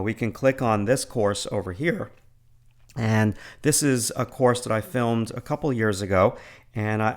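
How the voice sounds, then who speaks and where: Man, New York accent, middle-aged, somewhat low voice, casual screencast walkthrough, eager, repeats words. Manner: enthusiastic, with frequent fillers and repeated words. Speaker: online art instructor.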